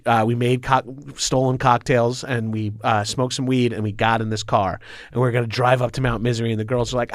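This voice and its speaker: Long island guy, rambles and swears, dry close mic, middle pitch. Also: little pitch movement, brisk, dry recording. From Long Island, New York. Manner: loose, rambling, swears and laughs often. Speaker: podcast guest. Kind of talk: casual storytelling chat.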